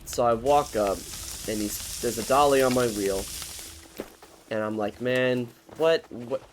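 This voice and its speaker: A man's voice: medium pitch, measured pace, slight background noise, low-quality recording. A man in his twenties telling a rambling, profane storytime in a casual, joking way. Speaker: vlogger.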